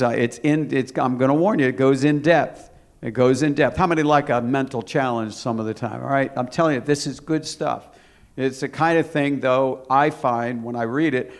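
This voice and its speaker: A male preacher delivers a sermon in an everyday mid-range voice. He urges his listeners again and again, repeating key phrases. He swells into forceful emphasis at his strongest points. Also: mid-range voice. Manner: emphatic, repetitive exhortation with rising intensity.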